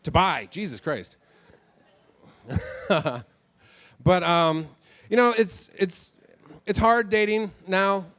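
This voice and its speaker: A man's voice: high-pitched, drawn-out words, pauses often, fairly bright tone. Rambling self-deprecating male stand-up comic. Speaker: stand-up comedian. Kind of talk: stand-up set.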